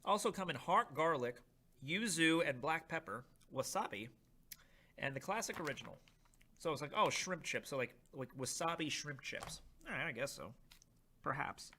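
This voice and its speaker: A young man hosts a casual livestream, reading viewer messages aloud as he rambles on. His voice sits fairly high and bright, with lively swings in pitch. He talks in an easygoing, animated way. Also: moderate pace, slight background noise. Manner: reads chat aloud, tastes snacks, animated and rambling. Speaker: livestream host.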